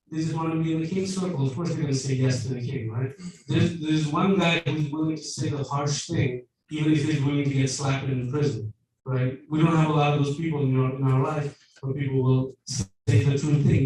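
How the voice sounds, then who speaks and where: A man in a Bible class speaks up with an earnest point, circling back on his words as he thinks it through. His voice is soft and mellow. It carries from a distance through a room that echoes strongly. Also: a little high, steady tone, brisk. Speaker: class participant. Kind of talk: discussion comment in a Bible study.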